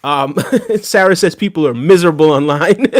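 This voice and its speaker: A man hosts a casual live stream, talking straight to his viewers and answering their comments. His voice sits a little high, and he rambles with plenty of fillers and restarts. When he rants, he gets heated and insistent. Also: moderate pace, slight background noise. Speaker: livestream host.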